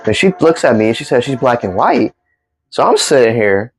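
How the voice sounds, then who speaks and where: A man's voice: medium pitch, moderate pace, soft background music. A man casually telling funny stories from his day to his followers, rambling and acting out the dialogue. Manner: rambling, animated, acts out dialogue. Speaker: storytime vlogger. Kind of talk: casual storytelling.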